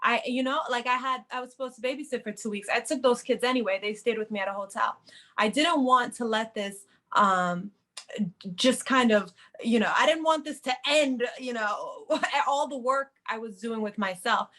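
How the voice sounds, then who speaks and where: Bright-voiced animated woman. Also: fairly high pitch, normal speed. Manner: animated, quotes her own inner talk. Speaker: podcast co-host. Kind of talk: casual podcast chat.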